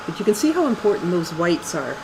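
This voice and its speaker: A middle-aged woman giving a casual watercolor painting demonstration in her studio, talking in a relaxed, chatty way with fillers. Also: lowish voice, brisk, noisy background. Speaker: watercolor art instructor.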